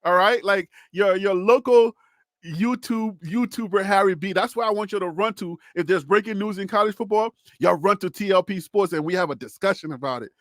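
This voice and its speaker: A man's voice: high-pitched, brisk, a bit bright, no room sound, studio quality. A man with a Liberian accent hosting a live college sports stream, chatting animatedly with viewers and reacting to their comments. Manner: frequent laughs and self-talk. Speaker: sports channel host.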